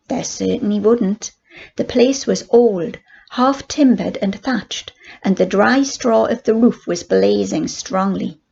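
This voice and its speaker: An older woman, a grandmother, reading a children's book aloud in steady, plain narration. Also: medium pitch, takes it slowly, creaky, slightly rough, lo-fi sound. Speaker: grandmother storyteller.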